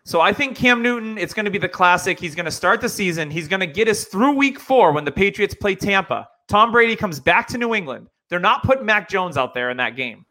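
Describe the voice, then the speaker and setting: Man, podcast host, casual chat, upbeat, slightly high pitch, bright tone. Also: lively intonation, fairly quick, hardly any pauses. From New Hampshire.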